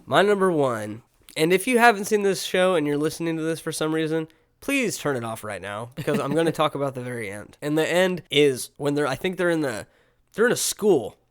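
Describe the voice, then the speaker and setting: A man co-hosting a casual movie review podcast, retelling scenes in an animated way and filling his talk with "like.". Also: fairly high pitch, fairly quick. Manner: animated retelling, heavy use of "like". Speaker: podcast co-host.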